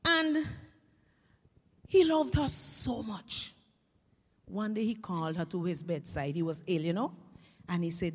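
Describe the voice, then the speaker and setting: A Vincentian woman, a teacher, telling comic stories to an audience in a lively, animated way. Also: on the low side, unhurried, long pauses, in a large hall. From Saint Vincent and the Grenadines. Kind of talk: comic stage storytelling.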